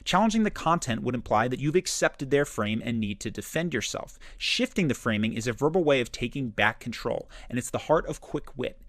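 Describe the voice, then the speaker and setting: A man's voice: medium pitch, a little fast, hardly any pauses, no echo. A man narrating a self-improvement video in a scripted, analytical, explanatory way. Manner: explanatory, analytical, lively inflection.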